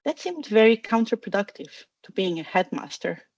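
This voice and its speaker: A woman narrating a fan fiction storybook with steady, even reading. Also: medium pitch, normal speed, gravelly, no echo, highs cut off. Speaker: audiobook reader.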